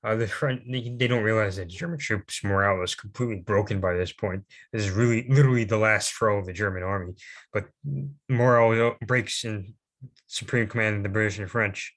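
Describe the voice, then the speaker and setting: A fairly low-voiced young man talks through a history presentation in a loose, informal way. He rambles and hesitates, fills gaps with "um," and restarts his sentences. Now and then he drops a self-deprecating aside. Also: brisk, fairly bright tone.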